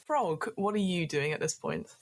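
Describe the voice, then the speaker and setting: A woman narrating as the game master, lively and laughing, with frequent fillers. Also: on the low side, normal speed, vocal fry.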